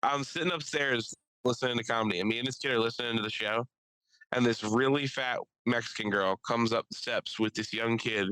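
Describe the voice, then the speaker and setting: Bright-voiced rambling man telling stories. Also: medium pitch, a little fast, clean tone, no room sound, low-quality recording. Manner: rambling, profane, laughs often. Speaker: podcast co-host. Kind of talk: casual storytelling chat.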